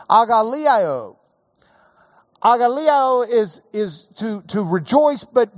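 A man preaching a sermon, slow and emphatic, building to raised emphasis on key points. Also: high voice, dry recording, lo-fi sound. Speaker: pastor.

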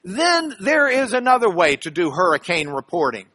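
A man teaching a Bible class in an animated, emphatic lecture, often restarting his phrases. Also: high-pitched, moderate pace.

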